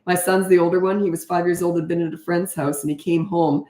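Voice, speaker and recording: A woman's voice: lowish voice, fairly even intonation, quick pace, mellow. A frank, chatty middle-aged woman answering parenting questions in a casual live stream. She laughs often and speaks into a webcam. The room sounds echoey. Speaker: parenting coach.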